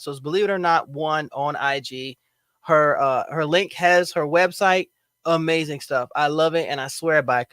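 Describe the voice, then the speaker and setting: A man's voice: a little high, fairly bright tone, no room sound. A man hosting a casual live stream chat show, hyped, joking and playful with his audience and guest. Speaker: livestream host.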